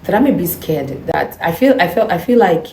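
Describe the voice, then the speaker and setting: A woman vlogger telling a personal story in an animated, indignant way, acting out the dialogue. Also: fairly low pitch, normal speed, slight background noise. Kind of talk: storytime monologue. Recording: echoey room.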